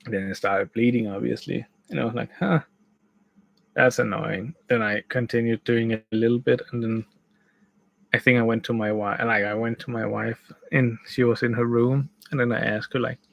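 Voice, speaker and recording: A man's voice: mid-range voice, little pitch movement, brisk, vocal fry, no echo, poor audio. A man casually telling a rambling story from a room by a bed, full of restarts and "like". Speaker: gaming channel host.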